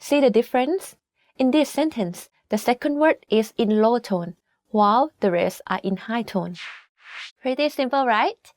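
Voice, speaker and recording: A woman whose first language is Thai, giving a scripted language lesson with clear, patient explanations and slow model pronunciations. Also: on the high side, expressive, darkish tone, dry recording, studio quality.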